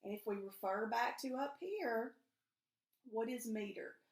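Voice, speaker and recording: A woman's voice: on the high side, lively intonation, a little slow. A woman teacher, patiently walking young pupils through a reading lesson and asking them guiding questions. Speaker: elementary school teacher. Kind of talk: recorded remote reading lesson. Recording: echoey room.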